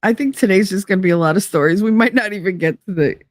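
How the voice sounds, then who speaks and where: Lady hosting a podcast, swears a lot and laughs through her stories, mid-pitch voice, dry room. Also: fast, no echo. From Hoboken, New Jersey. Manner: animated, swears freely, frequent laughter. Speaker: podcast host. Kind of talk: casual storytelling chat.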